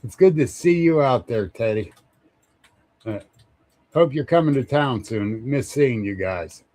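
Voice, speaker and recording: A man's voice: medium pitch, expressive, measured pace, a little mellow. A man hosting a casual live stream, rambling, chuckling often and greeting viewers by name. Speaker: livestream host.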